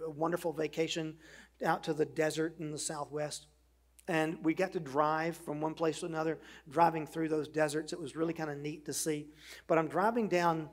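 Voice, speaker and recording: A middle-aged man who is a pastor, preaching a sermon in an earnest way, with rhetorical questions and conversational asides. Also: a little high.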